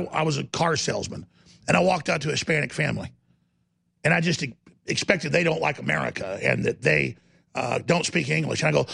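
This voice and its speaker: A man hosting a talk radio show, ranting aggressively in a rapid-fire manner. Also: on the high side, gravelly, a bit bright, breathy edge.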